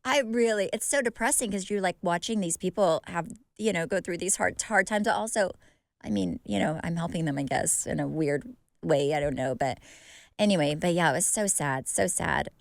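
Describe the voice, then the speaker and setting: A woman's voice: fairly low pitch, normal speed, gravelly, dry recording. A woman co-hosting a podcast in casual chat, talking in long rambling runs with many restarts. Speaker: podcast co-host.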